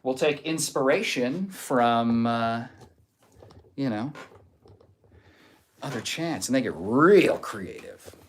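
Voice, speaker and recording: A man's voice: medium pitch, animated, slow, pauses often. A man hosting a livestream, reading out viewer comments and answering trolls with dry, teasing sarcasm. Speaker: livestream host. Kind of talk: casual chat reading live comments.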